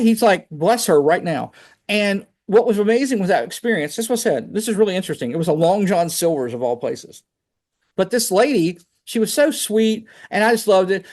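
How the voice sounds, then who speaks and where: Animated man telling stories on a call. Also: high voice. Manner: animated storytelling, fillers like "man". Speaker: guest speaker. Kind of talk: casual testimony on a video call. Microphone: video call.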